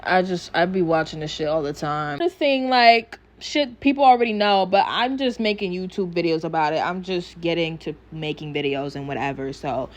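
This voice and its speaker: A woman's voice: on the low side, expressive, normal speed, hardly any pauses. A woman casually recapping a cartoon episode, rambling and swearing freely as she chats. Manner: rambling, profane, chatty. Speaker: YouTuber reviewing a cartoon episode.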